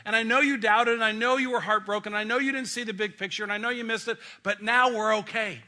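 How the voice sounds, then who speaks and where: Jesus, tender reassuring teacher, as a preacher puts him on. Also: male voice, high-pitched, fairly even intonation, fast, pushed and bright, voice pushed up. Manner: tender, plain-spoken, reassuring. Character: Jesus, gentle but direct male teacher.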